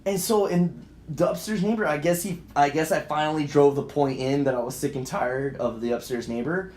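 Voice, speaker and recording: A young man co-hosting a podcast, telling a story casually with lots of swearing and acted-out shouting. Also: fairly high pitch, a little fast, reverberant. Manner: animated, profane, acts out voices and shouts in quotes. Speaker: podcast co-host.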